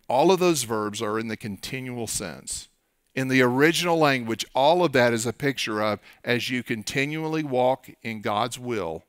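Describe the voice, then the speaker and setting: A middle-aged man with an Oklahoma accent, a pastor preaching a sermon and swinging between quiet stretches and loud, emphatic rises. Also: mid-range voice, no room sound, clean studio sound.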